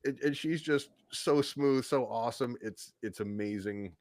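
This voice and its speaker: A man's voice: medium pitch, measured pace, darkish tone, no echo. A man talking as a podcast guest, telling stories in a rambling, self-deprecating way with frequent restarts. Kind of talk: casual interview storytelling.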